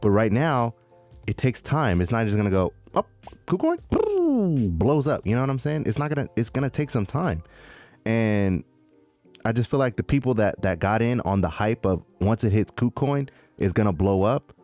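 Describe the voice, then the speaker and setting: Low-voiced animated podcast co-host guy. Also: normal speed, faint music behind. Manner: animated, slangy, says "man" and "dude" a lot. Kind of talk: casual chat.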